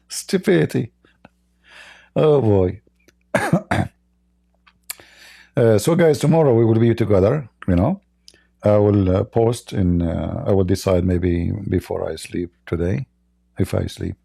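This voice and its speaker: A hoarse middle-aged man hosting a casual livestream chat. He mocks, chuckles often, and keeps coughing and clearing his throat as his voice gives out. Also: sits low, unhurried, pauses often, warm tone. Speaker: livestream debate host.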